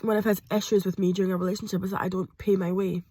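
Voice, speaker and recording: A woman talking hesitantly to camera from a parked car, pausing often with ums. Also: medium pitch, flat delivery, mellow, slightly rough, no echo. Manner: hesitant, with frequent ums and pauses. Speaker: vlogger. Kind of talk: personal confessional vlog.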